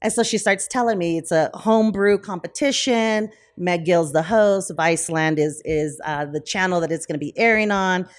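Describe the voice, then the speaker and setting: Brewery-owner guest, woman, fairly low voice, chatty and animated, lots of ums. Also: moderate pace, few pauses. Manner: animated, acts out quoted conversations; frequent fillers like um and you know. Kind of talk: casual interview storytelling.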